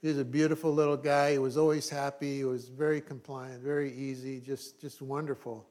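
Middle-aged male pastor, mid-pitched voice, easygoing sermon delivery with dry jokes and self-corrections. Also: little pitch movement, fairly quick, darkish tone. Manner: conversational, with wry humorous asides and restarts.

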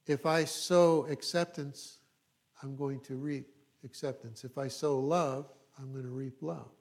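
A man's voice: mid-range voice, steady tone, unhurried, gravelly, a little mellow. A middle-aged male pastor preaching a sermon in a conversational way, with asides and frequent check-ins with the congregation.

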